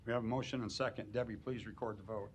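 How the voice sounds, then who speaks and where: A man chairing a public planning board meeting, briskly calling motions and reading out case numbers. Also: fairly low pitch, fairly even intonation, slight background noise. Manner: brisk procedural, reads case numbers aloud. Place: council chamber.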